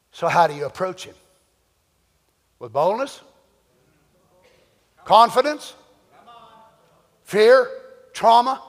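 Man, preacher, sermon, animated, rhetorical questions, bright tense voice, long church reverb. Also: very high voice. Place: church sanctuary.

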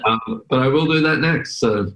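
A man's voice: medium pitch, normal speed. An Australian man hosting a podcast, chatting casually and animatedly, often acting out little quotes. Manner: animated, laughing, acts out quotes. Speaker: podcast host. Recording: roomy echo.

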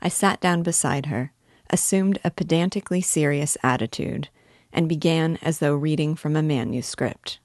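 A woman reading the narration of an audiobook in a measured, plain way. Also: low-pitched, darkish tone, dry recording, clean studio sound. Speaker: audiobook reader. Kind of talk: scripted narration.

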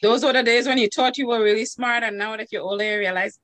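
Caribbean woman guest, bright, playful, laughs a lot; dry, close recording. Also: a little high, a little fast, hardly any pauses, no echo. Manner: playful, laughing, animated storytelling. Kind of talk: casual chat.

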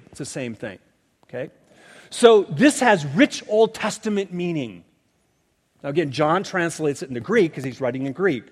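High, animated preacher in reverberant hall. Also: male voice. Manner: animated teaching, explaining scripture with emphatic asides. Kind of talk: sermon. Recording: long reverb of a large hall.

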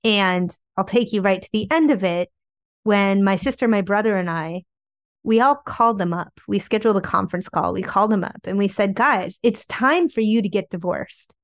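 A woman in an interview recounts family memories in a conversational, animated way, leaning on "like" as she goes. Her voice sits in an ordinary middle range. The sound is close and dry, with no room echo. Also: mid-range voice, fairly quick. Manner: chatty, animated, peppered with "like". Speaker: memoir author guest. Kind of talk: candid storytelling interview.

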